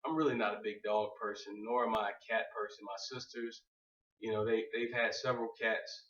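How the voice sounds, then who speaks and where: A man's voice: lowish voice, fairly even intonation, fairly quick, a bit bright. A man giving a casual faith talk to a group. He jokes, goes off on tangents and keeps asking "you know what I'm saying". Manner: loose, joking, goes on tangents. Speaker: speaker on faith. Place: room with an audience. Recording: echoey room, distant, dull.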